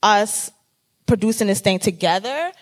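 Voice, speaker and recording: A woman's voice: medium pitch, lively intonation, measured pace. Blunt, candid woman podcast host. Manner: candid and emphatic, casual swearing. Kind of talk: casual panel discussion.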